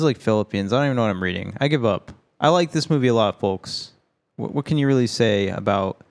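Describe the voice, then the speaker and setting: A man's voice: fairly low pitch, gravelly. A man co-hosting a casual film podcast, loose and joking, swearing freely as he talks. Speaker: podcast co-host.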